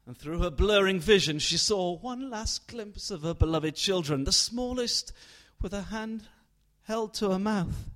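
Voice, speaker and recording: A man narrating a dark tale in a slow, deliberate, hushed storytelling manner. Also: high-pitched, lively intonation.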